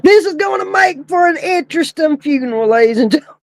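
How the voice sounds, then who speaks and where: A woman with a high voice tells a story from her work at a funeral home in a casual way. She keeps breaking into laughter as she goes. The sound is close and dry, with no room around it. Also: lively intonation, fast, a little mellow, no echo, poor audio. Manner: laughing often while telling the story.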